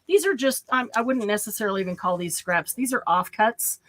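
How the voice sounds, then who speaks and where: A woman's voice: medium pitch, expressive, fairly quick, a bit bright. A woman hosting a casual craft tutorial. She chats, giggles often and thinks aloud while she demonstrates. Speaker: craft channel host.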